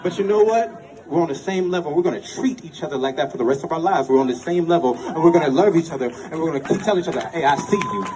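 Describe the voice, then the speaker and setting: A man's voice: on the high side, expressive, quick pace. A man in his twenties with an American accent, giving an impassioned rally speech at an outdoor protest and repeating his phrases like a preacher. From United States. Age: 20s. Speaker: protest speaker. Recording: distant mic with loud crowd noise. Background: cheering crowd.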